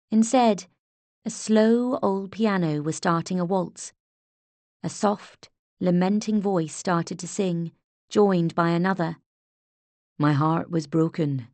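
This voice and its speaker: A woman narrating an audiobook in a measured, unhurried way, close to the mic. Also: mid-range voice, a little mellow, dry recording. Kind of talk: scripted narration.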